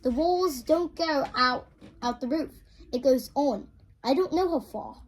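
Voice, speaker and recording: A woman voicing a sensible, bold young English girl in a put-on British accent, reading aloud from a storybook with halting repeats. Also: sits high, expressive, slightly rough, full character voice, poor audio. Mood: matter-of-fact.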